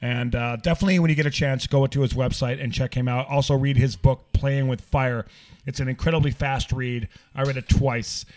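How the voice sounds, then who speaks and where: A man's voice: medium pitch, fairly even intonation, fairly quick, a little mellow. A man hosting a casual podcast, talking loosely and joking, with some swearing. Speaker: podcast host.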